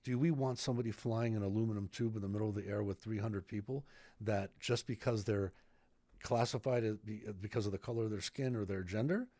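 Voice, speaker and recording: A man's voice: lowish voice, a little fast, no room sound. A man in his fifties, a retired fire captain, telling stories animatedly as a podcast guest. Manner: animated storyteller who acts out dialogue. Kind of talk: casual podcast interview. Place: podcast studio in Idaho.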